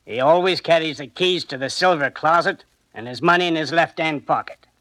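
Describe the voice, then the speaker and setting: A cool pickpocket who speaks tersely and matter-of-factly. His voice is bright and a bit high. It is recorded dry. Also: fairly quick, no echo, low-quality recording. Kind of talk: old-time radio drama acting.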